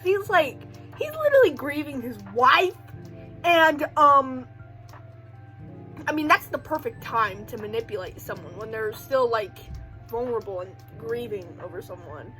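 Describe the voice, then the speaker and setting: Brief: high, bright female voice, chatty rambling recap, lots of filler, quick joking asides. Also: expressive, faint music behind, poor audio. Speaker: video creator recapping a film. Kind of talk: casual rambling film recap.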